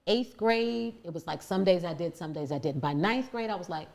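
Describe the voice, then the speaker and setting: A woman with a deep voice, telling her life story as a podcast guest in an earnest, searching way with many restarts. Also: moderate pace, a little mellow. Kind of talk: reflective conversational storytelling.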